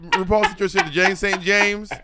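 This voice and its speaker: A man's voice: high-pitched, fairly even intonation, normal speed. A man co-hosting a podcast, chatting in a campy, teasing way. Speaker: podcast co-host. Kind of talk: casual chat.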